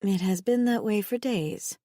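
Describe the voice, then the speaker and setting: A woman voicing a gentle, sorrowful young alien woman who speaks softly and formally, without contractions. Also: medium pitch, unhurried, dry recording, studio quality, natural voice. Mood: mild. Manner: soft and mild.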